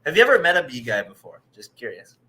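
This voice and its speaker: A man's voice: a little high, wildly swooping pitch, fast talker, bright, forceful tone. A man co-hosting a casual baseball talk show, rambling, laughing often and acting out quotes of other people. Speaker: co-host. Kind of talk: casual sports chat.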